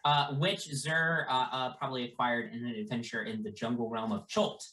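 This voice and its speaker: A game master running a tabletop game, talking haltingly with many stammered fillers. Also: medium pitch, little pitch movement, a bit bright.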